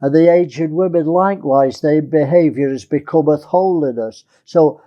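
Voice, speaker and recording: Male preacher, chatty sermon delivery, mellow tone, muffled lo-fi recording. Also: fairly high pitch, moderate pace. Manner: conversational, asks listeners rhetorical questions.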